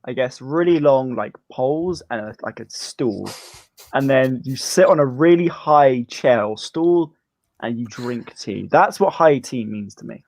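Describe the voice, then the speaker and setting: A man's voice: medium pitch, lively intonation, unhurried, a little mellow, dry recording, clean studio sound. A man co-hosting a casual chat, playful and fond of joke answers. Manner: joking, playful with mock answers. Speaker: co-host.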